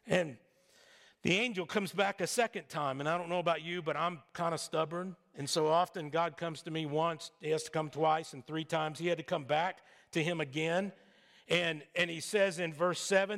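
Gravelly preacher in a reverberant hall. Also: male voice, sits high, fairly quick, fairly bright tone. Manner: conversational, joking asides. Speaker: pastor. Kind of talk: sermon.

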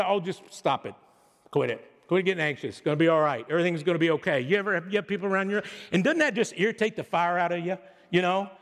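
Preaching to his congregation, a middle-aged pastor with a high, slightly bright voice keeps things chatty and joking, sometimes breaking into sarcastic impressions. The church gives his voice a long hall reverb.

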